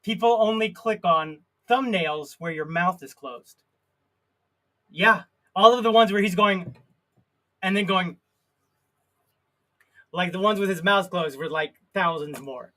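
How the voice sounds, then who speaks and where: A man's voice: high-pitched, measured pace, long pauses, sharp tone. A man co-hosting a live stream, chatting in a playful, rambling, jokey way. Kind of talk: casual comedic chat.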